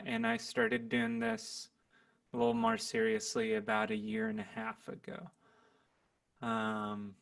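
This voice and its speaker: 20s guy, musician guest, talks slow and easy, kinda gravelly, lots of ums. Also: mid-range voice. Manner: relaxed, rambling, laughs easily. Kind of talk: casual podcast chat. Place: home recording room.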